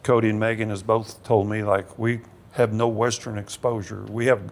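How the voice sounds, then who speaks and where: A man's voice: fairly low pitch, level tone, moderate pace. A man talking as a podcast guest about his business, easygoing and agreeable. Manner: easygoing, agreeable, frequent "yeah". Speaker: guest, motorcycle parts business owner. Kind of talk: casual interview chat.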